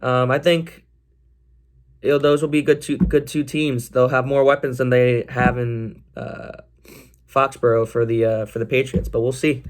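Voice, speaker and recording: A young man talks through sports news on his own podcast at a mid-range pitch. He rambles loosely, restarts his sentences and fills pauses, then jumps up with excitement. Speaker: podcast host. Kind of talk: casual solo sports chat.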